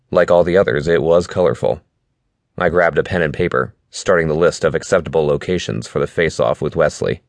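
Very deep-voiced male narrator. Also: creaky, no echo. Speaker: audiobook narrator. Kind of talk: scripted narration.

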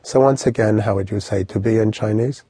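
A man teaching an audio language lesson, explaining with lively, vivid storytelling and direct instructions. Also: lowish voice, fairly quick, slightly rough, no room sound.

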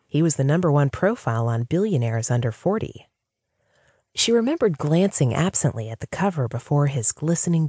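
A woman narrating a romance audiobook in a low, mellow voice with a husky edge. Her reading moves expressively up and down. The sound is close and dry. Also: no room sound.

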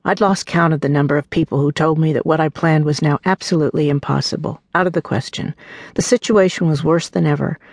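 A woman narrating her own memoir as an audiobook, telling the story in an earnest, warm way and voicing the people in it. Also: deep voice, steady tone, fairly quick, dry recording.

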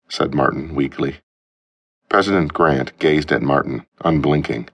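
A man narrating a humorous novel as an audiobook, with an expressive storytelling delivery. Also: a bass voice, normal speed, gravelly, breathy edge. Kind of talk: scripted narration.

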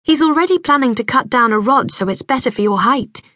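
A woman narrator voicing a young woman who is a caring, cheerful big sister, bright and reassuring in tone. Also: sits high, expressive, brisk, dry recording, studio quality, full character voice.

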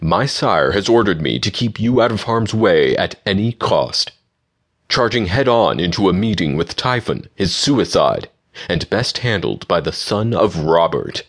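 A stern young unicorn stallion, as a male narrator plays him, commanding and unbending. The voice is low and deep, delivered with firm authority in a storybook reading. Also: animated, unhurried, full character voice.

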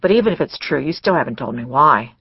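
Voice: medium pitch, expressive, fast, breathy edge, no echo, lo-fi sound. A narrator voicing an intense man who presses his lover to open up, in an audiobook, speaking insistently. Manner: insistent, then gentle. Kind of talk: audiobook character dialogue.

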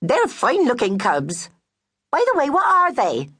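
Woman plays a fussy, prim mouse friend, high and gushing, slightly breathy. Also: huge pitch swings, a little slow, a bit bright, dry recording, exaggerated voice. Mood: chirpy.

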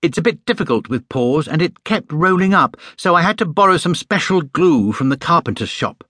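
A man doing a small bear with a raised, earnest, polite voice, full of lively rises and falls and a slightly husky edge. It reads like a gentle storybook character. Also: a little high, moderate pace, no room sound, studio quality, pitched above the performer's own voice.

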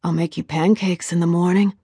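A woman's voice: on the low side, expressive, moderate pace, a little mellow, husky, no echo, studio quality. A woman voicing a charming, easygoing young man in an audiobook, affectionate and teasing. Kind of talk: audiobook character voice.

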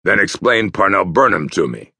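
A man's voice: low-pitched, sing-song, moderate pace, vocal fry, sharp tone, breathy edge, no echo, pitched above the performer's own voice, full character voice. Brief: hard-edged detective chief, barking orders, read by a male narrator, dry close sound. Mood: harsh. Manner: harsh, commanding.

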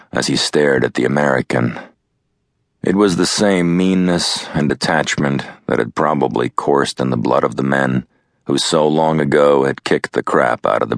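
A man narrates an audiobook in a measured, grave manner. His voice is extremely deep and gravelly, the pace slow, in a dry recording. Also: dry recording. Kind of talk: scripted narration.

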